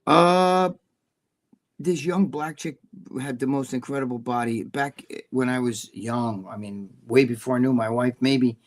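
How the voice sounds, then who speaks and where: A man's voice: mid-range voice, a little slow. A man chatting as a livestream guest, telling rambling stories and swearing freely. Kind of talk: casual livestream chat.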